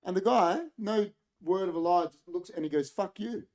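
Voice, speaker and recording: An Australian man hosting a casual podcast chat, telling a story with lively acted-out quotes. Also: high voice, moderate pace. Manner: animated storytelling, acts out quotes. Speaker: podcast host.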